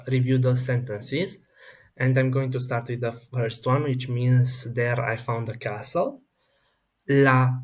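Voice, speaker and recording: A man teaching a French pronunciation lesson, talking slowly with many fillers and restarts and saying French words one at a time for the learner. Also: medium pitch. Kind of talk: unscripted online lesson.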